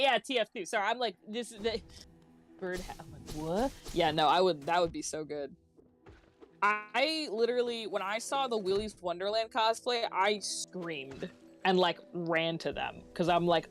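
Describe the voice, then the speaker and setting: A young adult co-host on a game stream, relaxed and laughing often, reading out chat messages and giving tips. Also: medium pitch, normal speed, faint music behind.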